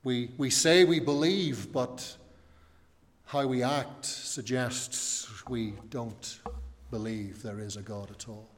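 Slow-speaking male pastor in a reverberant hall. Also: mid-range voice, steady tone. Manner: earnest, rising to emphatic questions then dropping soft. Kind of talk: sermon. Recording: long reverb of a church hall.

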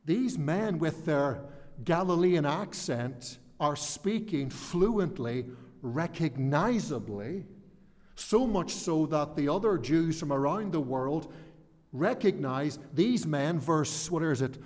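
A middle-aged man with an Ulster accent preaches at an unhurried, deliberate pace. His voice sits a little high for a man, and it rings with a long reverb as if filling a church hall. He speaks earnestly and at times stumbles over repeated words. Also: lively intonation, darkish tone. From Northern Ireland. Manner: earnest, repeats words when searching for a phrase. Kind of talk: expository sermon.

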